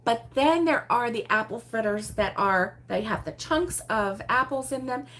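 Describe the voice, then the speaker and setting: A woman's voice: a little high, lively intonation, moderate pace, fairly bright tone. A woman hosting a casual livestream at home, chatting with viewers in a chatty, exclamatory way and laughing often. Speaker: host of a crochet livestream. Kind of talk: casual livestream chat answering viewer comments. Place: at home with her husband nearby.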